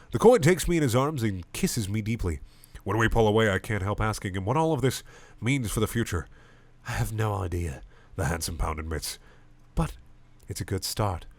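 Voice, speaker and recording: A man reading a comedic parody story aloud with lively comic narration. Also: fairly low pitch, no room sound. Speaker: reader.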